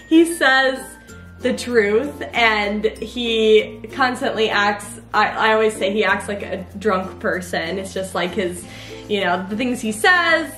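A young woman and mother chatting casually to camera about her son, fond and quick to laugh. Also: on the high side, fairly bright tone. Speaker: mother and vlogger. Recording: echoey room with faint music.

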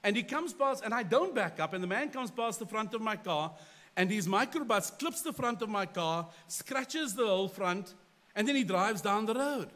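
A middle-aged man with a fairly high voice preaches a sermon. He tells a story from his own life in an animated way. He pokes fun at himself as he goes. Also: normal speed. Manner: animated storyteller, self-deprecating. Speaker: pastor.

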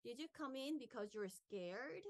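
A woman's voice: on the high side, expressive, unhurried. A woman reading aloud, voicing a bossy, teasing little girl in a storybook. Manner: scheming, teasing.

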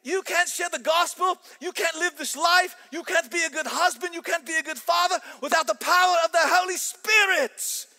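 A man's voice: extremely high pitch, normal speed, few pauses, voice pushed up, full character voice. A man voicing a fiery, short Scottish male professor who exhorts his students with a Scottish accent. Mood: fired up. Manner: shouting, fired-up exhortation. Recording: long church-hall reverb.

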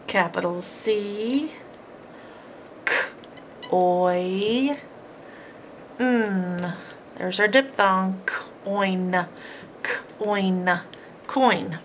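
A woman's voice: medium pitch, slight background noise. A woman teaching a phonics lesson, patiently sounding out each word and repeating it with encouragement. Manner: sounds out words slowly, repeating each one. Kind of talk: slow, deliberate phonics lesson.

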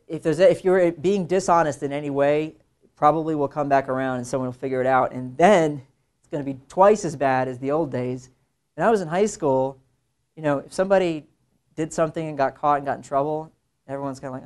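With a clean tone and a fairly high pitch, a young illustrator chats informally to a class of students. He stays animated and conversational, putting on mimicked voices for his quoted asides.

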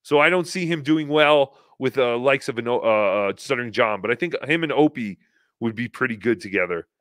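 Animated joking male host. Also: medium pitch, a little fast, no room sound, clean studio sound. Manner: joking, laughs often, jumps into mocking voices. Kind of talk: casual chat.

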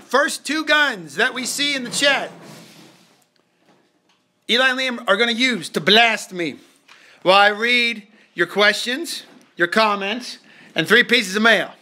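A man in his thirties, a dad hosting a live family toy stream from home, chatting loosely with his kids and reading viewer comments fast, joking and tripping over his words. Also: sits high, pushed and bright. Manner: loose, joking, reads comments quickly and stumbles. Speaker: family channel host, dad. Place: home, indoors.

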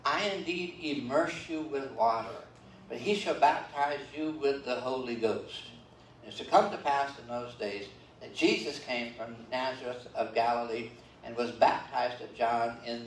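Man, older, pastor, chatty sermon, reverberant hall, faint background hiss. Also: medium pitch. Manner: conversational preaching with many fillers and check-ins. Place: church sanctuary. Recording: roomy, distant church livestream.

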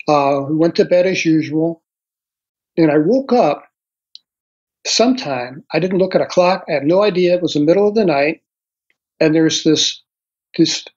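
A man in his sixties, a guest author recounting a personal experience slowly and thoughtfully, pausing often with ums and uhs. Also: fairly high pitch. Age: 60s. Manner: slow, reflective storytelling with frequent pauses and fillers. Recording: dull lo-fi audio.

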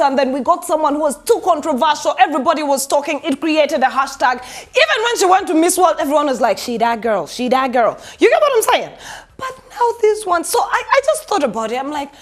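A woman's voice: high-pitched, lively intonation, fairly quick. A young woman hosting a celebrity gossip show, sarcastic and laughing as she talks straight to viewers. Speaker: entertainment news host. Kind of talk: sassy celebrity gossip commentary.

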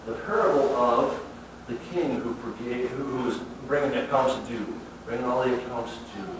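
A male pastor preaching a sermon in a conversational, emphatic way, his pitch sitting in the middle range. He is recorded from a distance in a very echoey church space, with faint room ambience underneath. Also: normal speed, noisy background. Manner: conversational and emphatic, with lively swings of pitch and loudness. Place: church sanctuary. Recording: very echoey hall from afar.

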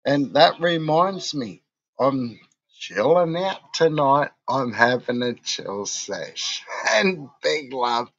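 A drunk Australian man rambles through a casual livestream, cursing at every turn. He talks slowly and drawls his way from one thought to the next. The sound is dry and lo-fi, with no room echo. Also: medium pitch, lively intonation, fairly bright tone. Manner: rambling and heavily sweary. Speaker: livestream host.

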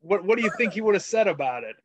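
Host: man, hesitant questioner on a video call, slightly high voice, very dry sound. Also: big pitch swings, racing, dry recording. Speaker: library interviewer host.

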